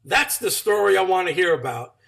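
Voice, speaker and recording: A man's voice: sits high, lively intonation, fairly quick, vocal fry, a bit bright. A man hosting a podcast interview, prompting his guest with short questions. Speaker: podcast host.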